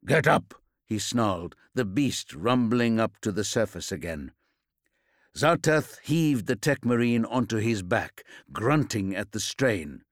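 A man reading an audiobook aloud in a measured, scripted narration style. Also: fairly low pitch, animated, no echo, clean studio sound.

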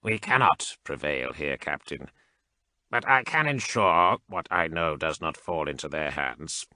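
A man voicing a cold, mechanical male cyborg adept who speaks without emotion in slow, precise sentences. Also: very deep voice, lively intonation, bright, forceful tone, dry recording, pitched below the performer's own voice, heavily acted.

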